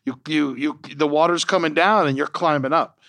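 A young man co-hosting a podcast in casual chat, rambling, joking and dropping the odd swear word. His voice sits a little high, and it is recorded close and dry. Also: moderate pace, gravelly, fairly bright tone, no room sound. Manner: rambling, profane, jokey. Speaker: podcast co-host.

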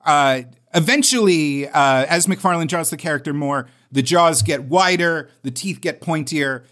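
Male podcast co-host with a slightly high voice, playful and animated, drops into voices for the quotes. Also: measured pace. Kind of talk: casual comics podcast chat.

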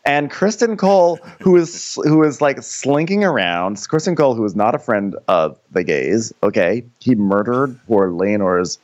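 A man co-hosting a podcast, chatting casually in a rambling, halting way with many restarts while recapping a TV episode. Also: medium pitch, expressive, a little mellow, muffled recording. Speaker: podcast co-host. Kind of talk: casual comedic recap chat.

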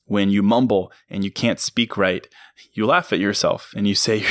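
A man's voice: lowish voice, steady tone, normal speed, fairly bright tone, no room sound, studio quality. A man hosting a motivational solo podcast, talking earnestly and emphatically and breaking into laughs as he goes. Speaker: podcast host.

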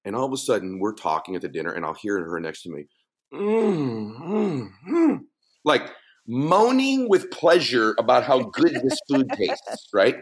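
A middle-aged man telling a story in a podcast conversation, animated and laughing, with big swings in his voice. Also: medium pitch, normal speed. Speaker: podcast guest, motivational speaker.

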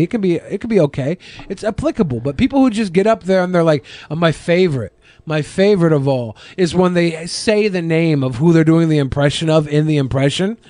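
A man's voice: a little high, dark tone, no room sound. A man co-hosting a podcast in casual chat, opinionated and full of "like" fillers. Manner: opinionated, filler-heavy, lots of "like". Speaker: podcast co-host.

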